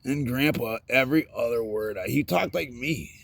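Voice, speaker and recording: A man's voice: medium pitch, normal speed, vocal fry, a bit bright, no room sound. A man talking in a rambling, self-deprecating vlog monologue, often dropping to a whisper, recorded outdoors at night.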